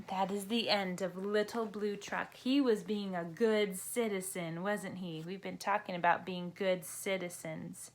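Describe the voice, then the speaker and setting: A woman, a teacher, reading a children's bedtime picture book aloud in a gentle sing-song way. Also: mid-range voice, fairly even intonation, unhurried, few pauses. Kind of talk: children's storybook read-aloud.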